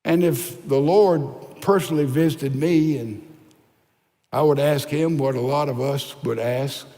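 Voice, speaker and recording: An older man preaching a sermon, emphatic, swinging from loud declarations to hushed near-whispers. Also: mid-range voice, unhurried. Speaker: pastor. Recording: long reverb of a large hall.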